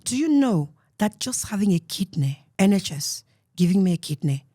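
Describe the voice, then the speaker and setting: A woman with a Cameroonian accent telling her life story as an interview guest, earnest and emotional, often dropping to a soft murmur. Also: medium pitch, very animated, normal speed, breathy edge, dry recording, clean studio sound.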